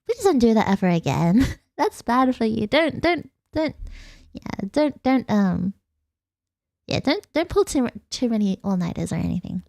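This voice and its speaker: A woman's voice: on the high side, sing-song, unhurried, gravelly, a little mellow, no room sound, clean studio sound. A young Australian woman streaming a casual late-night chat, rambling and giggling as she answers her viewers. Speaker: vtuber streamer.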